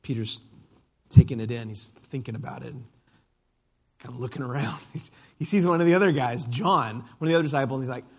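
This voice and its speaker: A man preaching a conversational sermon as a church teacher, retelling stories in an animated way. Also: medium pitch, fairly quick, slightly rough. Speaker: pastor.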